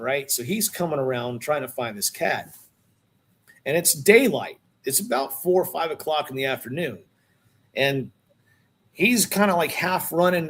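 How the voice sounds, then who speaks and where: A middle-aged man, a guest on a podcast, telling a long story in a casual, animated way and often calling people "dude.". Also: on the high side.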